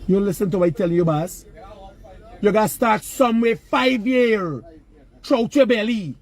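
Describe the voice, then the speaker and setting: His voice sits high and moves at a moderate pace. Outdoors near work sites, this Guyanese-accented vlogger lectures passers-by on work and money, casual but emphatic, with plenty of Creole in his speech.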